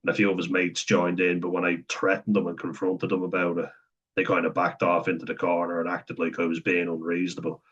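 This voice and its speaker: Man, young adult, low pitch, candid vlog monologue, blunt and profane, dull recording. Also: monotone, a little fast, fairly bright tone, slightly rough. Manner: frank and profane, conversational. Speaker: vlogger. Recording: dull lo-fi sound.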